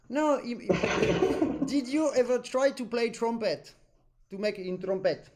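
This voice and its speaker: A man coaching an accordion student in a lesson, a native French speaker talking in animated, non-native English and humming musical phrases. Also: very high-pitched, slow. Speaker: accordion teacher. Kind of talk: masterclass coaching.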